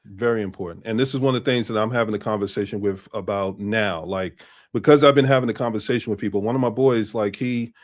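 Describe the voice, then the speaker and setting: A man's voice: lowish voice, fast, few pauses. A man in his fifties, a guest on a casual interview, telling stories in a mix of street slang and business talk and repeating his phrases.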